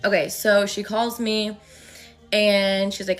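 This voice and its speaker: A young woman with a slight lisp from her aligners, chatting through a storytime with quick asides. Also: mid-range voice, little pitch movement, a bit bright. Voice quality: lispy from wearing aligners. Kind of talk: casual storytime.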